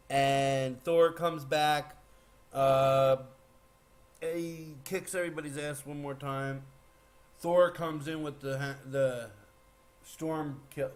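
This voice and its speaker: Slow, rambling man recapping a movie. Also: a little high. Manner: rambling, excitable, with frequent fillers and restarts. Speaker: movie reviewer. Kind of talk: casual spoiler recap.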